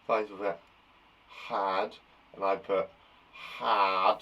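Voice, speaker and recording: A male teacher giving a cheerful, encouraging live spelling lesson to young children from a garden shed, saying each word slowly and clearly. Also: low-pitched, flat delivery, sharp tone. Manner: cheerful, encouraging, slow and clear dictation of words. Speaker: primary school teacher.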